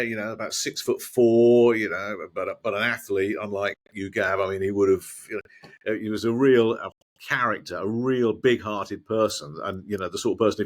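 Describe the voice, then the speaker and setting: A middle-aged man, a guest in a conversation, telling animated anecdotes with mild swearing and frequent restarts. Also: fairly low pitch. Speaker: guest, former sports broadcaster.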